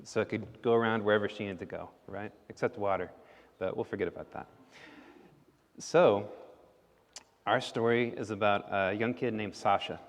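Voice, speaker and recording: A man's voice: fairly low pitch, steady tone, moderate pace, long pauses. A man telling a folk tale to children in a church service, playful and full of questions to them, in an echoey hall. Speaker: storyteller. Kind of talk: children's story time in a service. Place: church sanctuary.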